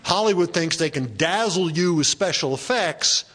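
A man's voice: on the high side, animated, moderate pace, a bit bright. A man speaking on a microphone to a live bookstore audience as a touring author, rambling with many fillers and restarts. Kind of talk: casual talk at a book event. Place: bookstore event room.

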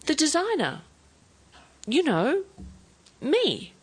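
A woman's voice: high voice, wildly swooping pitch, extremely slow, pitched above the performer's own voice, full character voice. A woman voicing an ambitious young English wife who talks eagerly and then defiantly. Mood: hopeful.

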